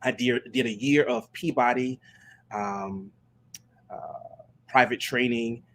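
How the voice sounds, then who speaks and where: A man's voice: mid-range voice, fairly even intonation, slow pace, a bit bright, slight background noise. A man who sings gospel and leads worship, chatting casually on a live stream and telling stories in a meandering way with many restarts. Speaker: gospel singer and worship leader.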